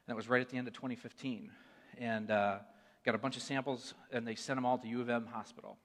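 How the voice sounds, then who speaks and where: Earnest guy in his 40s preaching, goes soft then punchy, big echoey church hall. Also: medium pitch, little pitch movement, fast talker. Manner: earnest, swings from hushed to emphatic. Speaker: church speaker sharing a testimony. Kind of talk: sermon testimony. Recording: long reverb of a large hall.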